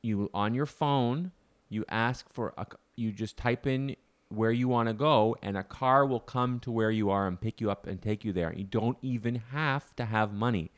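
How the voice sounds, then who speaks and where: A man's voice: mid-range voice, normal speed. A man hosting a podcast, casually telling a rambling, wry story and often correcting himself mid-sentence. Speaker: podcast host.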